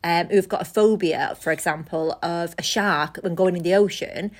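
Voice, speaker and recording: A middle-aged woman from England speaks in a fairly low voice. She co-hosts a casual chat and talks in a lively, emphatic way, often teasing her co-host. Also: moderate pace. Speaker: podcast co-host.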